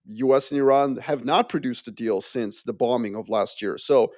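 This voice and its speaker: A man, a podcast guest, explaining his view with animated storytelling and playful asides. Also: medium pitch, moderate pace, no echo, studio quality. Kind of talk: casual geopolitical discussion.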